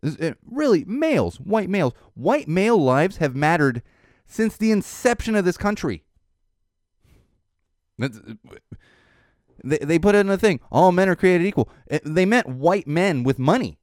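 A man's voice: high voice, sing-song, a little slow, long pauses, dry recording, studio quality. A man hosting a podcast, ranting sarcastically in a casual opinion monologue, with restarts and laughs. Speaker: podcast host.

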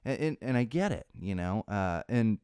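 A man hosting a casual talk show, chatty and animated, with frequent fillers and chuckles, close to the mic. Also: lowish voice, moderate pace, clean tone, no room sound. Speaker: podcast host. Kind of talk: casual chat about trending topics.

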